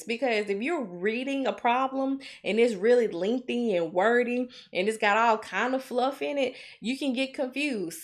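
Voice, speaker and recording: A woman with a Southern American accent tutoring nursing students through dosage calculations, in a lively, chatty and encouraging way that keeps checking in with her listeners. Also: a little high. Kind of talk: live tutoring walkthrough.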